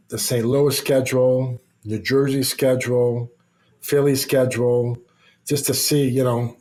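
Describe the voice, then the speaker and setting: A man's voice: mid-range voice, darkish tone. A man, a former hockey player, telling a long casual anecdote in an interview, with restarts and the odd swear word.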